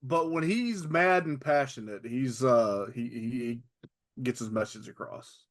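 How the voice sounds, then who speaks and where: A man's voice: mid-range voice, unhurried. A man co-hosting a wrestling podcast, talking hesitantly with restarts. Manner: hesitant, stammering. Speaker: podcast co-host. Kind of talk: casual chat.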